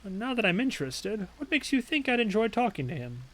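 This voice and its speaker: A man's voice: high-pitched, big pitch swings, a little fast, fairly bright tone, pitched above the performer's own voice. A man voicing a prim, proper elderly woman who sounds a little guarded.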